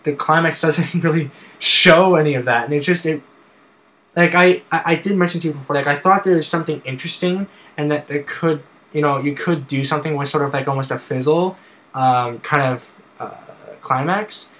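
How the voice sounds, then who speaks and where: A man in a relaxed film chat, his voice sitting a little high for a man, and he stops and starts a lot, filling the gaps with "like" and "um". He sounds like a co-host thinking aloud. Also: rough recording. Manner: halting, many fillers and restarts. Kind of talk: casual film discussion.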